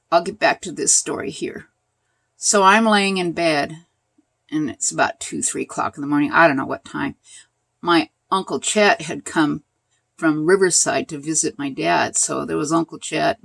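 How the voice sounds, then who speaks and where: An older woman casually telling a personal story as a vlogger, animated and laughing, pointing things out as she goes. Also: low-pitched, creaky, husky, no echo.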